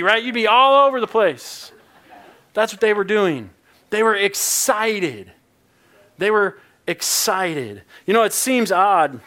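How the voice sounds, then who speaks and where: High-voiced joking male pastor. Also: expressive, normal speed, sharp tone. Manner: playful, joking, conversational preaching. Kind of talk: sermon.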